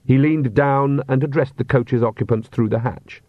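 A man narrating a comic fantasy audiobook in measured, dry storytelling. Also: mid-range voice, dry recording. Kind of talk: scripted narration. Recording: dull, dry audiobook recording.

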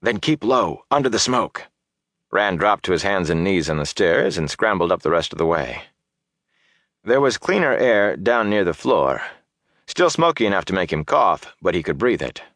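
A man narrating a fantasy audiobook in a steady, measured storytelling voice. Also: low-pitched, dry recording, studio quality.

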